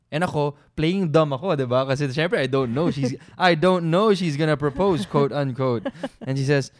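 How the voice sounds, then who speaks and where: Casual male co-host with a Filipino accent, lively storyteller. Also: mid-range voice, normal speed. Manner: animated storyteller, switches languages mid-sentence. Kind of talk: casual couple chat.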